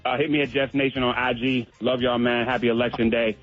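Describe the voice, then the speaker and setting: A man speaks on a radio show in a casual, rallying way, urging listeners to take part. His voice is mid-pitched. The sound is dull and lo-fi, with faint music behind him. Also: little pitch movement, fast talker. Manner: encouraging, rallying. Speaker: radio contributor.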